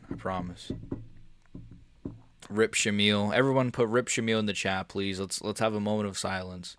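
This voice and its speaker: A young man reacting live to fights on a stream, excitable and swearing, swinging from mumbling asides to yelling. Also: on the low side, moderate pace, pauses often, clear, resonant tone.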